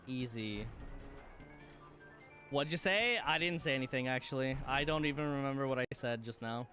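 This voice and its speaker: A man's voice: mid-range voice, a little fast, pauses often, bright, forceful tone, soft background music. A young man streaming a game, yelping, swearing and breaking into shrieking laughter as things go wrong. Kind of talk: gaming stream chat.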